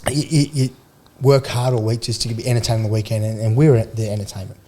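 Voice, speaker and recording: A man's voice: mid-range voice, steady tone, fast talker, mellow. An Australian man in his forties from Queensland, a guest on a podcast, telling rambling stories full of slang and laughter. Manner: rambling, laughs through anecdotes, blokey slang. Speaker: podcast guest, former rugby league player. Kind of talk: casual storytelling. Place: radio studio.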